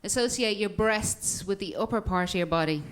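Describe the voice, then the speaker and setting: A woman's voice: medium pitch, normal speed, noisy background. A woman in her thirties doing a bawdy, self-mocking stand-up routine on a club stage. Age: 30s. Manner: bawdy, self-mocking, laughs through lines. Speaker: stand-up comedian.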